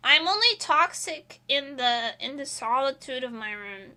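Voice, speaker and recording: Girl streamer rambling while she draws, super bright sharp voice, kinda slow, giggles a lot. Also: sits high, lively intonation. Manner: rambling, laughs often between thoughts. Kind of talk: casual chat while drawing on stream.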